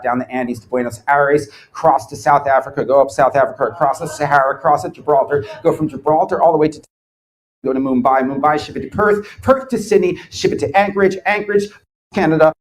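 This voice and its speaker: A man in his thirties giving a comedic live lecture, sardonic and animated, acting out quotes in his stories. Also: mid-range voice, rough recording. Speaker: lecturer, former quiz show champion. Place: bar event space before a live audience.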